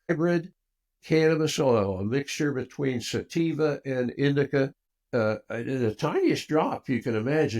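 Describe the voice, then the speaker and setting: Older guy telling his story on a talk show, mid pitched voice, acts out the back-and-forth with lots of ups and downs. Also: vocal fry. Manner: animated storyteller who acts out dialogue with big swings in pitch and loudness. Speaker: guest. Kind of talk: personal storytelling in an interview.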